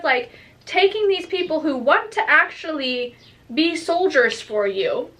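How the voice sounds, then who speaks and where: A woman's voice: high voice, a bit bright. A woman co-hosting a casual book review chat, ranting in exasperation and mocking the characters she quotes. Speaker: book vlogger co-host.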